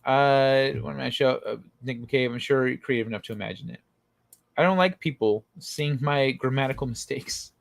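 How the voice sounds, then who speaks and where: A man's voice: mid-range voice, moderate pace, creaky, no echo. A man hosting a casual livestream, rambling through tangents, reading chat comments aloud, laughing often and swearing freely. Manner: rambling, with frequent fillers and tangents. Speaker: livestream host.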